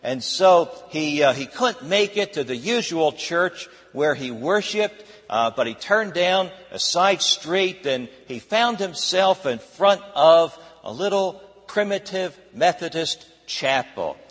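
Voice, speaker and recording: Husky pastor telling a story in a sermon. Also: male voice, fairly high pitch, animated, slow pace, hardly any pauses, fairly bright tone, big-room sound. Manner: hesitant, many filler restarts.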